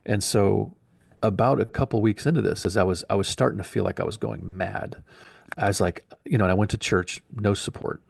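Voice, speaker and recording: A man's voice: lowish voice, fairly even intonation, brisk, gravelly, darkish tone, slightly rough, no room sound. A man in his forties telling a long personal story in a casual, rambling way, acting out the dialogue he quotes.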